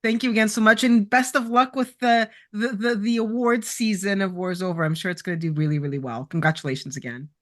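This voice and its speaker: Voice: medium pitch, steady tone, fairly quick, hardly any pauses. An interview host closing the conversation with effusive praise and thanks. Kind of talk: casual interview wrap-up.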